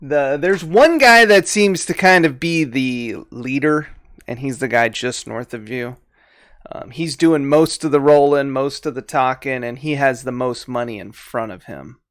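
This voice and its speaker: A man's voice: medium pitch, unhurried, fairly bright tone, no echo. A man running a tabletop game as game master, narrating easily and laughing often.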